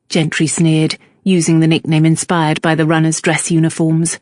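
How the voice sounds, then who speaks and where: Steady, dry audiobook narration. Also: mid-range voice, normal speed, hardly any pauses, no room sound. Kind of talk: scripted narration.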